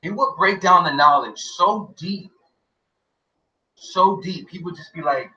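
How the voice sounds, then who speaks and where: Guy rambling thru his story, lotta cussing and ums, kinda high voice, far from the mic and muffled. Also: unhurried, pauses often, bright, forceful tone. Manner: rambling, profane, full of fillers. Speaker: guest recounting an experience.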